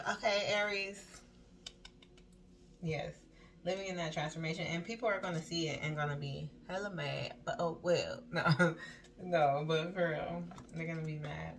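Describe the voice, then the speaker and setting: A woman's voice: deep voice, a bit bright, a little hiss or hum. A woman giving a casual spoken tarot reading, reading card text aloud and then riffing on it in a chatty way with lots of "like" and "um". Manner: chatty, loose, full of "like" and "um" asides. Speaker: tarot reader.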